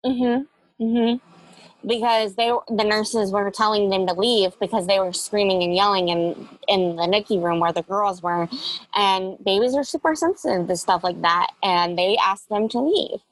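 A woman's voice: medium pitch, moderate pace, rough recording. A young woman, a guest in an interview, telling a personal story candidly and reflectively, with many fillers.

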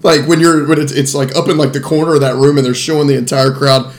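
A man's voice: fairly high pitch, little pitch movement, fast. A man co-hosting a casual movie podcast, crude and joking, laughing a lot. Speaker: podcast co-host.

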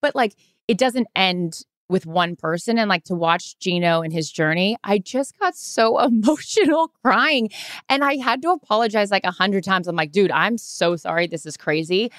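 A woman's voice: mid-range voice, animated, normal speed, fairly bright tone, dry recording, clean studio sound. A woman from Seattle co-hosting a sports podcast, chatting in a rambling, emotional way with lots of fillers. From Seattle, USA. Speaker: podcast co-host, sports reporter. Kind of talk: casual chat.

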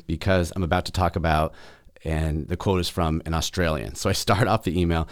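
A man's voice: deep voice, quick pace, no room sound, studio quality. A man hosting a solo business podcast, talking casually and reading his own email aloud. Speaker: podcast host.

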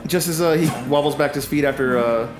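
A man's voice: a little high, music in the background. Man narrating as game master, echoey room. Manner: halting descriptive narration with fillers.

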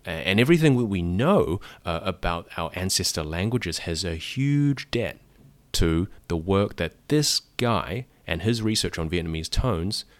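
Low-voiced man explaining patiently. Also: lively intonation, a little slow, no echo. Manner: explains patiently, spells out words, demonstrates sounds. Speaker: podcast host. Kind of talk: conversational explainer monologue.

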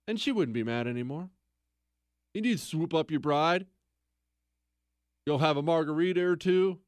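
A middle-aged man hosting a talk radio show, reading listener mail and ranting emphatically, jumping from loud exclamations to low mutters. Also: normal speed, pauses often, no echo.

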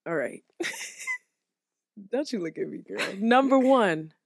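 A young woman co-hosting a casual podcast, animated and profane, acting out quoted lines with sudden leaps in pitch. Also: slow pace, vocal fry, husky, no room sound, clean studio sound. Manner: animated, swears freely, acts out quotes with big pitch jumps. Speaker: podcast co-host.

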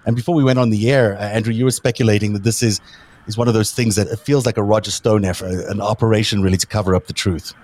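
A man's voice: fairly low pitch, fairly even intonation, fast talker, a little mellow. A man hosting a political talk show, chatting and joking with his panel as he leads the conversation. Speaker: podcast host.

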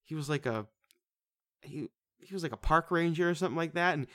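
An excitable man chatting casually as a podcast co-host, cursing freely and breaking into laughter. His voice sits at a middle pitch and sounds close and dry, with no room echo. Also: fairly quick. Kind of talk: casual movie-review chat.

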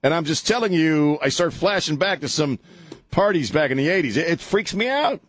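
A man's voice: a little high, a little fast, no echo. A middle-aged man hosting a talk radio show, rambling and joking in casual banter from a studio mic. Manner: rambling, jokey, animated, lots of laughs and filler. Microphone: studio microphone.

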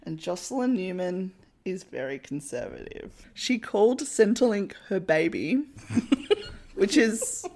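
Australian woman, podcast co-host, lively pitch, sarcastic and sweary. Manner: sarcastic, swearing, quick jokes. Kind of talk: casual chat.

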